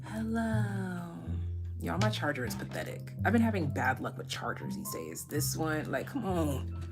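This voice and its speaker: A woman's voice: extremely low pitch, wildly swooping pitch, brisk, over music. A woman doing a casual live tarot reading, chatty and rambling, swearing freely and laughing at her own jokes. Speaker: tarot reader.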